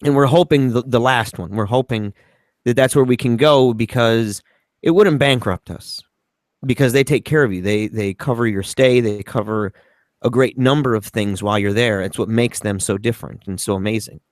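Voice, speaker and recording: A man co-hosting a talk show, speaking earnestly and haltingly about a hard family matter, at times tearful. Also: medium pitch, fairly even intonation, no room sound, studio quality. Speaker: co-host. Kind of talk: emotional personal talk on a podcast.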